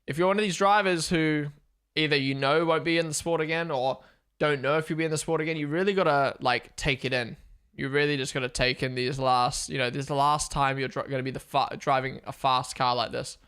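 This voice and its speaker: Young guy streaming a race watchalong, bright voice, kinda high, gets worked up and swears a lot. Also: brisk, clean tone. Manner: excitable, swears, thinks aloud. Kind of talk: casual live commentary.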